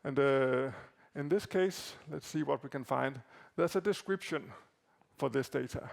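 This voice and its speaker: A man whose first language is Danish gives a conference talk, walking through slides in a halting way with frequent fillers and repeated words. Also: medium pitch, creaky. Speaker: conference presenter. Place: conference hall.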